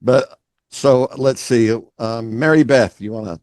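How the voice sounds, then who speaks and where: A man's voice: mid-range voice, a little slow, a little mellow, no room sound. A man speaking with heartfelt earnestness as a presenter in a casual panel talk.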